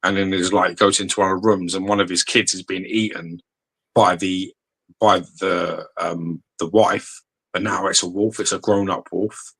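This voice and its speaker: Deep husky man, casual chat. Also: fairly even intonation, normal speed, fairly bright tone, low-quality recording. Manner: loose and sweary, with many fillers.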